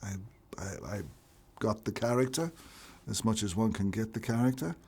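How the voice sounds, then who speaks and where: A man from Ireland, an actor being interviewed, telling stories in an animated way, restarting and repeating his words. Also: fairly low pitch, normal speed, breathy edge. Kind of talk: casual interview chat.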